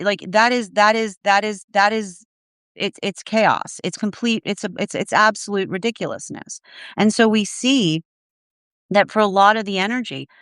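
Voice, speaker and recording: A woman's voice: medium pitch, a bit bright, smooth, no echo, clean studio sound. A woman giving a live tarot energy reading, searching for words, restarting often and tagging points with a questioning "right?". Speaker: tarot reader.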